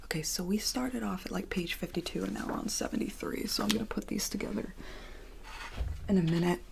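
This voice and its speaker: A woman ASMR host whispers a scripted role-play into a binaural mic, slipping in casual, chatty asides. Her mid-range voice is gravelly and runs a little fast.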